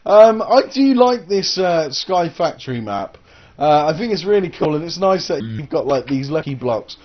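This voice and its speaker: A gaming channel host gives casual gameplay commentary, rambling and hesitating with plenty of "uh" and "um." His fairly high voice swings widely in pitch at normal speed, and the recording is dull and lo-fi.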